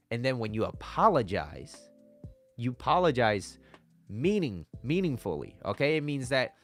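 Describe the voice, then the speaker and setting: A man's voice: mid-range voice, sing-song, moderate pace, soft background music. A man talking casually as a dating coach, coaxing and conversational, often repeating himself. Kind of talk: casual advice talk to camera.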